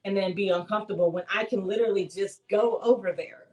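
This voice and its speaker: A woman co-hosting a podcast, chatting casually and in an animated way about a reality show. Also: medium pitch, fast, poor audio. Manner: animated, exclaiming, acts out what others said. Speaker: podcast co-host.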